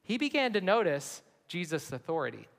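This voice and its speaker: A man's voice: high voice, big pitch swings, brisk, gravelly, fairly bright tone. A man, a pastor, preaching an earnest sermon to his church and reading scripture aloud. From United States. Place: large church sanctuary. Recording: long hall reverb.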